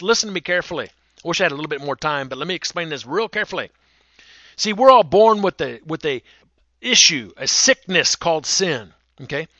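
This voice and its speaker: A man's voice: on the high side, pushed and bright, no echo, lo-fi sound. A man preaching a sermon, emphatic and direct, often repeating words and acting out quoted speech.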